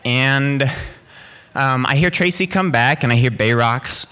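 A man telling an animated personal story in a lively, rambling way, full of vivid asides. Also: mid-range voice, unhurried, clear, resonant tone.

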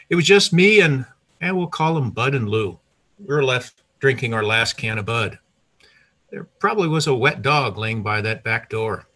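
A man's voice: medium pitch, pushed and bright. An older retired man telling a personal story in a conversational way, with restarts and self-corrections.

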